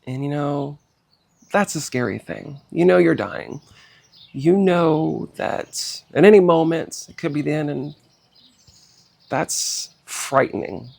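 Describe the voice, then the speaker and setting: A middle-aged man telling a painful personal story in a halting, emotional way, with many pauses, fillers and sighs. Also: on the high side, gravelly, darkish tone, slight background noise. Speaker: personal vlogger.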